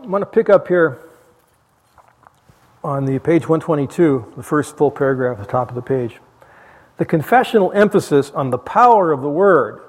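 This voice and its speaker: A man's voice: fairly high pitch, in a large hall. A man leading a church Bible study class in a conversational, rambling way, with frequent fillers and restarts.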